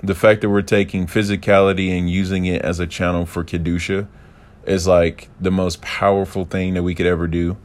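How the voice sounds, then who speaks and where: A man's voice: low-pitched, flat delivery, a little fast. A man giving a casual, enthusiastic Torah teaching, rambling with playful asides and restarts.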